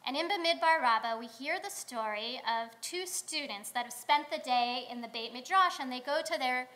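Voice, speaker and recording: A woman rabbi delivering a sermon in a synagogue, telling stories in a conversational way with pauses. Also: sits high, bright, forceful tone. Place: synagogue sanctuary.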